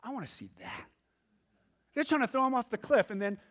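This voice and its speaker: A male pastor preaching a sermon, moving from quiet asides to loud emphatic passages and acting out quoted voices. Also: very high voice, animated, fairly quick, long pauses.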